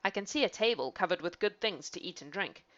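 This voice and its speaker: A woman voicing an old male donkey calmly reporting what he sees. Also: fairly low pitch, fairly quick, lo-fi sound. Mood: matter-of-fact.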